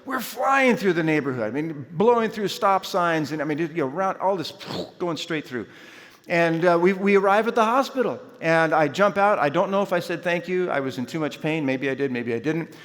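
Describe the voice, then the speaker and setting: A man telling a lively personal story as a chapel speaker, acting out his own shouts along the way. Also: on the high side, normal speed. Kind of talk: storytelling sermon. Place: large university chapel. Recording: long hall reverb.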